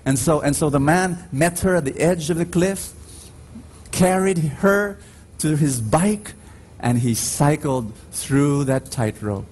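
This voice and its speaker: A man with a Filipino accent preaching a sermon in slow, emphatic phrases, his pitch swinging widely as he drives each point home. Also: expressive, darkish tone, breathy edge. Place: church. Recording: faint background noise on a radio live stream.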